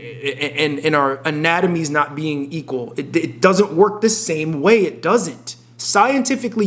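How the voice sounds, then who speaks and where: A young man lectures his viewers on lifting, blunt and emphatic with plenty of swearing. His voice sits a little higher than most men's, and he often breaks off and restarts his sentences. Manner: blunt, profane, emphatic, self-interrupting. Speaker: fitness content creator. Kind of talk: casual direct-to-camera advice.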